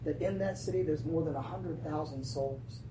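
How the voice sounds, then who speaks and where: A woman voicing God as a gentle, patient, loving father, quiet and tender, heard from a distance in a roomy space. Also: sits low, normal speed, pitched below the performer's own voice, lightly acted. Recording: roomy, distant, faint noise.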